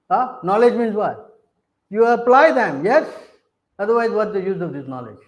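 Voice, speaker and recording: Emphatic preacher, quizzing the crowd. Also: male voice, high-pitched, big pitch swings, measured pace, pauses often, echoey room, rough recording. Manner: questions the audience again and again. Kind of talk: sermon.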